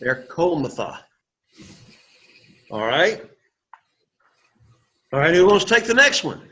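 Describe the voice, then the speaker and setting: Guy teaching greek, coaxing, bit high voice, dull lo-fi sound. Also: very animated, bright, forceful tone. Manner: coaxing, repeats words slowly for pronunciation. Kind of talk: classroom lesson.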